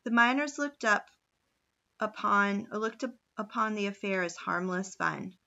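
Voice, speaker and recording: Bright-voiced woman reading a story aloud. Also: medium pitch, unhurried, muffled recording. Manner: steady storytelling. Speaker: reader. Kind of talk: reading a children's novel aloud.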